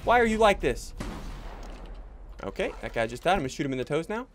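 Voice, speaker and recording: A young man giving jokey, excitable commentary while playing a video game. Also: on the high side, fairly quick, noisy background. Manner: excitable, jokey, yelps and laughs mid-play. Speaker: gaming channel host. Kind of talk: live gameplay commentary.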